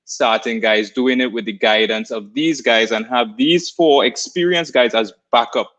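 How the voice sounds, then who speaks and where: Calm man on a dull, lo-fi line. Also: mid-range voice. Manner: calm, measured, agreeable, with fillers. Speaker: podcast co-host. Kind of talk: cricket podcast discussion.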